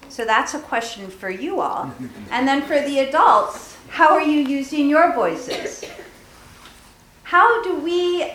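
A woman pastor giving a children's sermon in a church, asking questions, laughing easily and teaching in a gentle tone. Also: high voice. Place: large church sanctuary. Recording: echoey church hall.

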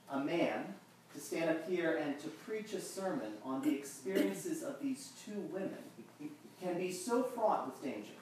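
A man preaching a sermon in a conversational, self-deprecating way, pausing and restarting his sentences. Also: fairly high pitch, slight background noise. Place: large echoing church. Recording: echoey church from a distance.

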